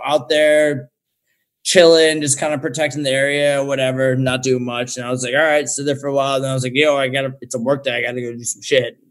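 A young man, a podcast guest on a remote call, telling a story in a loose, slangy way and swearing heavily. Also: medium pitch. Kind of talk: casual storytelling.

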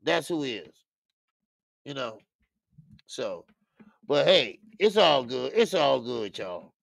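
A man's voice: mid-range voice, big pitch swings, takes it slowly, vocal fry, fairly bright tone, no room sound. A man hosting a boxing livestream in loose, talkative chat, laughing often and repeating himself. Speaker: boxing channel host.

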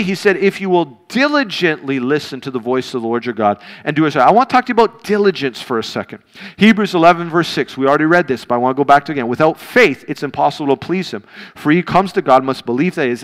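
A man in his thirties delivers a sermon as a pastor, his voice sitting a little high for a man. He talks to the congregation in a direct, conversational way and leans into his points with rising force. The sound carries a long reverb tail, as if in a large church hall. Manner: earnest, direct, conversational preaching with rising emphasis.

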